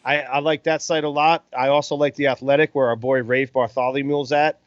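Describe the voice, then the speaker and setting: A man's voice: mid-range voice, little pitch movement, brisk, no room sound. Chill guy calling old fights over beers, dull lo-fi sound, swears a lot. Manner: laid-back, swears casually. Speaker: podcast co-host. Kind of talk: casual boxing commentary over beers. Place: home in Las Vegas.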